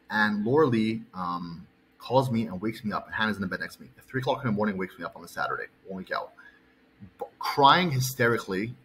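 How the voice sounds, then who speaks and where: Brief: low-voiced man, heated profane storyteller, faint hiss behind. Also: fairly bright tone, rough recording. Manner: profane, heated, repeats "okay" and "right". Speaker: fitness coach. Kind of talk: ranting storytime vlog.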